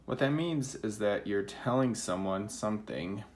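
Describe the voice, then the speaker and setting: A man with a slightly low voice gives a recorded reading lesson to children. He explains patiently and acts out each example sentence. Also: expressive, a little slow, slight background noise. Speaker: teacher.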